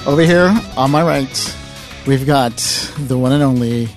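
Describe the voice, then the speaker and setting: A man's voice: medium pitch, unhurried, music in the background. A man hosting a podcast in a studio, chatting loosely with his guests and laughing often. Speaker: podcast host. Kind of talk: casual podcast chat.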